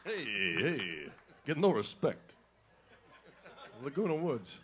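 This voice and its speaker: A man's voice: medium pitch, big pitch swings, slow, crowd noise. A middle-aged man fronting a band, chatting and joking with a live audience between songs on a stage mic. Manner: joking, chatty, breaks into sung examples. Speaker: singer and frontman. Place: live music venue stage.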